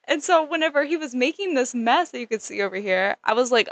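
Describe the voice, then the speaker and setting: A young woman tells a casual storytime story, bubbly and giggly, her speech full of "like". Her voice sits a little high. It is recorded close to the mic in a dry room. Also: fairly quick, no room sound. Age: young adult. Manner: animated, giggly, lots of "like". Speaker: vlogger.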